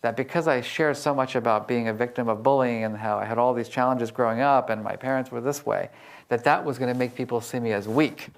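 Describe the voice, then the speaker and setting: A man giving a storytelling talk to a live audience about emotional intelligence, lively and acting out quoted dialogue. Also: medium pitch, fairly quick, gravelly. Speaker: emotional intelligence researcher and speaker.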